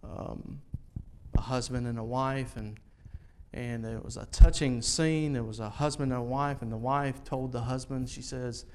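A man preaching a sermon, slow and earnest, rising loud and high at its peaks. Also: fairly even intonation. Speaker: pastor.

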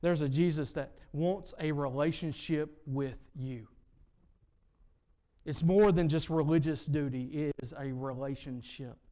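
Male preacher, sermon delivery, storytelling with repetitive emphatic build-ups, slightly higher voice. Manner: storytelling, rising and falling loudness, repetitive emphatic phrasing.

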